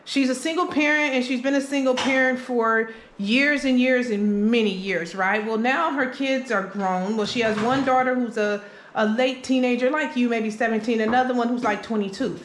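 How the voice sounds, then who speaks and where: A woman's voice: a little high, moderate pace, a little hiss or hum. A woman vlogger telling a story in a casual, chatty way, often checking in with her listeners. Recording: roomy echo.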